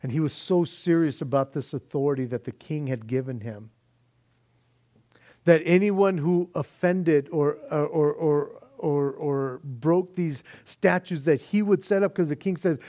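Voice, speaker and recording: A man's voice: on the high side, measured pace, mellow. A male pastor giving a sermon in a folksy, conversational way, explaining his passage at length. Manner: folksy, conversational, says "man" often; explains word meanings in long lists.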